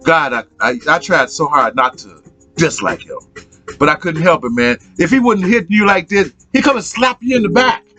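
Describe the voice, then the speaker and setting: Middle-aged male podcast host, lively swinging pitch, profane storyteller, faint music under him. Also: moderate pace. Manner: profane, animated, repeats himself. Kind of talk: casual storytelling.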